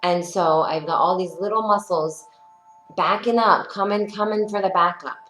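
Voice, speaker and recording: Upbeat low-voiced woman coaching a workout. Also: normal speed, a bit bright. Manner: upbeat, encouraging, chatty, with fillers. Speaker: fitness instructor. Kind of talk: guided workout instruction and chatty storytelling. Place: her workout studio, indoors. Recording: echoey room with faint music.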